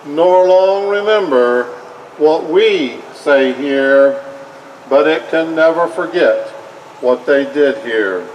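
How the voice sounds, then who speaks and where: A man portraying a solemn nineteenth-century American president, giving a slow, measured, formal oration at an outdoor parade. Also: high voice, recorded from a distance, a little hiss or hum, low-quality recording. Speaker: historical reenactor. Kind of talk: reenacted historical speech.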